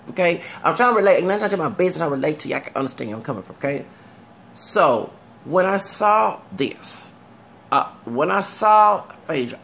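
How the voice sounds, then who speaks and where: A Southern man with a gravelly, creaky voice rambles through a casual commentary rant, often asking the viewer if they follow him. A faint hiss of noise sits under his talk. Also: mid-range voice, fairly bright tone. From Texas. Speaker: vlogger.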